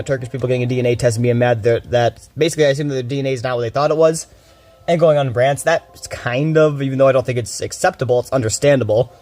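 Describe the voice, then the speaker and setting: A man streaming a game, talking fast and rambling with a lot of swearing, a bit groggy from little sleep. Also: mid-range voice, a little mellow. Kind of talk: casual rambling commentary.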